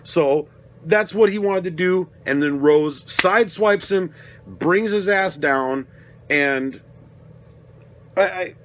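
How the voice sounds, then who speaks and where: A man's voice: sits high, takes it slowly, pauses often, a little hiss or hum. A young adult man giving a casual, rambling spoken film review, swearing often and getting worked up as he talks. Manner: rambling, profane, gets worked up and loud. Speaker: movie reviewer.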